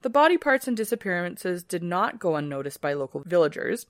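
A woman's voice: lowish voice, big pitch swings, fairly quick, dry recording. A woman co-hosting a podcast, reading a history script steadily and breaking off for dry casual asides. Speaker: podcast co-host.

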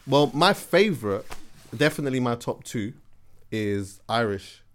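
A man's voice: mid-range voice, lively intonation, measured pace. A man co-hosting a podcast, chatting in a laid-back, candid way. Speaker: podcast co-host. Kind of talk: casual chat.

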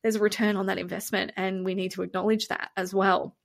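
A woman's voice: medium pitch, flat delivery, fairly quick, creaky. A woman co-hosting a podcast in casual chat, blunt and exasperated, swearing freely. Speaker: podcast co-host.

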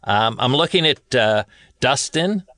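A man's voice: mid-range voice, lively intonation, a little slow, fairly bright tone, no echo. A man co-hosting a comedy podcast from a studio, asking dry, teasing questions. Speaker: co-host. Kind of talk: deadpan comedy podcast banter. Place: studio in Burbank, California.

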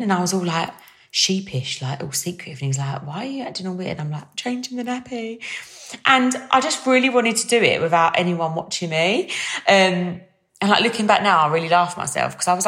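Young woman, bubbly podcast host, chatty and a little low-voiced. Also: a bit bright. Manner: chatty and bubbly, lots of fillers. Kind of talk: casual solo podcast chat.

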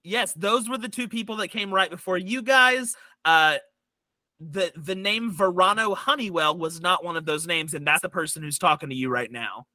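Laid-back male dungeon master, high, bright, unhurried. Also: no echo, studio quality. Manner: casual with many fillers. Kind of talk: narrating a tabletop game.

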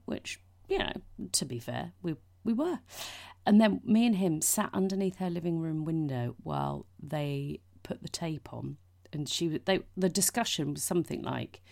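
A woman's voice: sits low, creaky, darkish tone. A woman in her forties, hosting a podcast and telling rambling, sweary anecdotes with lots of asides. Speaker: podcast host. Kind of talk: casual chat.

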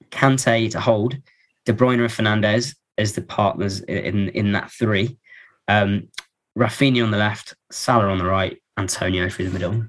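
A man co-hosting a podcast, chatting casually about football in a rambling way, full of fillers and restarts. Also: fairly low pitch. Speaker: podcast co-host.

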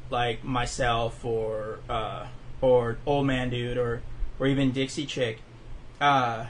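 A man's voice: mid-range voice, little pitch movement, slow, slight background noise. A man hosting a casual podcast chat, rambling with lots of fillers and restarts. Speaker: podcast host.

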